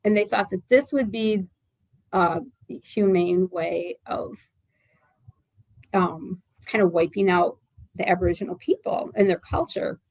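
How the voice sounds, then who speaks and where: A woman's voice: mid-range voice, measured pace, a little mellow, no echo, low-quality recording. A woman in her sixties, an author being interviewed, talking in a chatty, rambling way with lots of fillers and restarts. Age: 60s. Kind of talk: casual interview chat.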